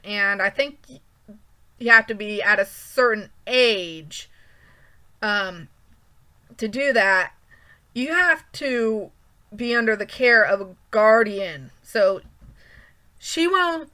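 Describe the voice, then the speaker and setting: Slow, rambling young-sounding woman. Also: a little high, pushed and bright. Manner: rambling, hesitant, frequent ums and restarts. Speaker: art channel creator. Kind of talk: casual drawing commentary.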